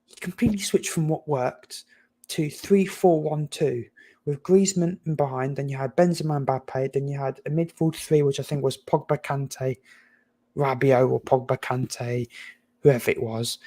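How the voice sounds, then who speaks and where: A young man from England giving opinionated, animated takes in a casual football chat, often stumbling and restarting. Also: on the high side, moderate pace. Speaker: panelist.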